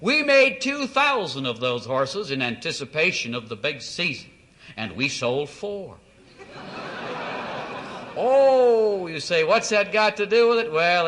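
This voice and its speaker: Male founder figure, folksy storyteller, swooping animated delivery, addressing distributors. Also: a little high. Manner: folksy storyteller, acts out quoted dialogue. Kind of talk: motivational business speech.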